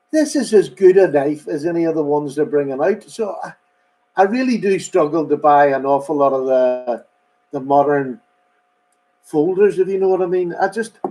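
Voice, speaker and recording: A man's voice: on the high side, warm tone, rough recording. A man hosting a casual live stream, rambling chattily and greeting viewers by name. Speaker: host.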